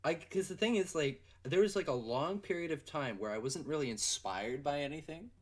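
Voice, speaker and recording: A young man hosting a casual livestream Q&A, rambling and excitable with lots of fillers. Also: on the high side, moderate pace. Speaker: livestream host and animator.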